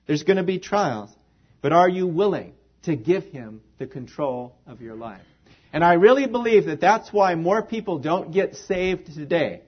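A man preaching an earnest sermon in a church, repeating phrases for emphasis. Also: sits high. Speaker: pastor. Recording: dull lo-fi recording.

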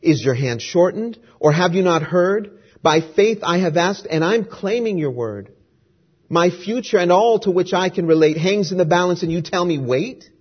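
A man's voice: high voice, animated, normal speed, slightly rough, voice pushed up. A man doing a desperate pleading petitioner. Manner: urgent, indignant, raised pleading. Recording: dull lo-fi recording.

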